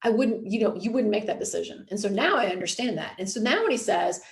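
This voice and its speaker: A woman's voice: mid-range voice, lively intonation, quick pace, creaky, roomy sound. A woman in her thirties, host and coach, talking casually and filling her speech with "like" and "you know". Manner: chatty, frequent "like" and "you know". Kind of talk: casual podcast talk.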